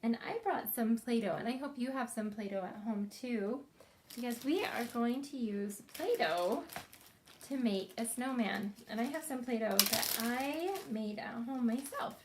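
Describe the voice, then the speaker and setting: A woman teaching a preschool craft lesson, speaking slowly, gently and encouragingly to young children as they follow along. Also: fairly high pitch, noisy background.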